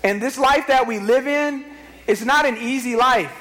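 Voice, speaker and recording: A man in his thirties, a pastor, preaching an animated sermon with repetition and call-and-response to the congregation. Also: extremely high pitch, normal speed. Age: 30s. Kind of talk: energetic sermon.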